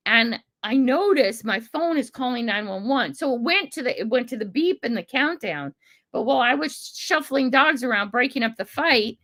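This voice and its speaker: An older American woman with a somewhat high, slightly bright voice and vocal fry hosts a livestream. She reads chat, chats casually with viewers, and laughs often.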